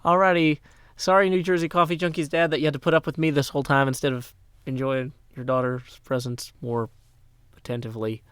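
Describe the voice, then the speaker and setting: Chatting casually as he plays, a Tennessee livestreamer rambles, jokes, and thanks donors. His smooth voice is a little high and fairly bright, delivered flatly and a little fast, in a dry recording.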